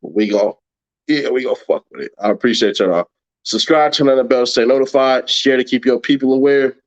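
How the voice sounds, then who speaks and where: Fairly quick and medium-pitched, this late-night livestream host rants profanely at critics, mocking them brashly and laughing a lot. Dull lo-fi stream audio carries his voice.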